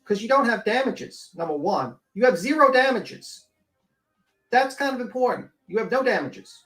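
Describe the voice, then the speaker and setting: A man's voice: extremely high pitch, very animated, normal speed, fairly bright tone. A man hosting a commentary show, ranting bluntly and scornfully with heavy swearing. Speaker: commentary channel host.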